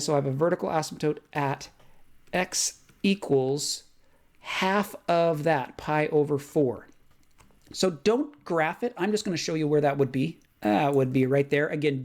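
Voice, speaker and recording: A man teaching a recorded math lesson in a casual way, thinking aloud with fillers and quick self-corrections. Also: mid-range voice, darkish tone.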